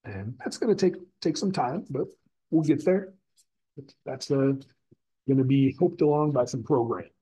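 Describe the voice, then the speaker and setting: A man's voice: mid-range voice, animated, measured pace, mellow, slightly rough, rough recording. A man lecturing on the physics of sound, explaining step by step and restating terms as he goes. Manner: explanatory, repeats and rephrases terms. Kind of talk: recorded classroom lecture.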